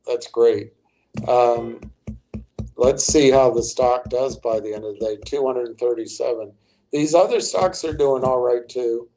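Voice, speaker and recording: On his livestream, an older man with a mid-range, mellow, unforced voice speaks slowly as he comments on stocks. He rambles, breaks off mid-phrase and starts again, addressing his viewers directly.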